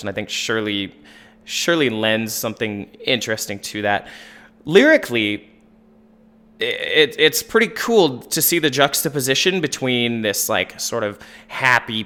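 Bright, clear-voiced man reviewing an album. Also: fairly low pitch. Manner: relaxed, rambling, many fillers and restarts. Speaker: podcast panelist. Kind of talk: casual album review chat.

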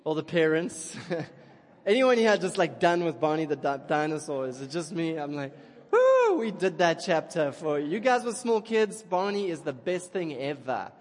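High-voiced man preaching in an echoing hall. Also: moderate pace. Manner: animated, chatty, keeps asking "okay?". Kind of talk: sermon. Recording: long reverb of a large hall.

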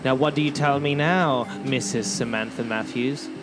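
A man putting on a gruff male detective, speaking slowly in a low, grave voice. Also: loud music behind the voice, natural voice.

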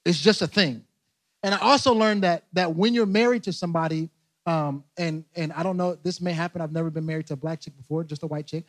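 A man's voice: a little high, fairly even intonation, quick pace, no room sound. A young man preaching a casual, humorous sermon as pastor, joking, laughing at himself and repeating phrases. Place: church service in a large room. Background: loud guitar music.

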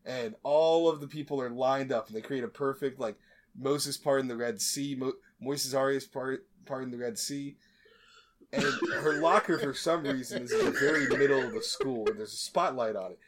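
In a mid-range voice and at moderate speed, the podcast host gives a loose, funny movie recap, peppered with tangents and restarts.

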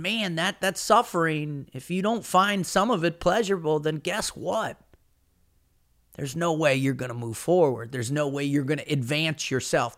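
A man's voice: a little high, a bit bright. A middle-aged man giving an earnest, emphatic solo podcast talk as a motivational speaker, often saying "man".

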